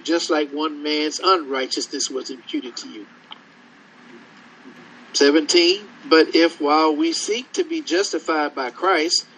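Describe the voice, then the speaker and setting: A man preaching a sermon, slow and conversational, acting out scripture dialogue and drawing answers from the congregation. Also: a little high, a bit bright, slight background noise, low-quality recording.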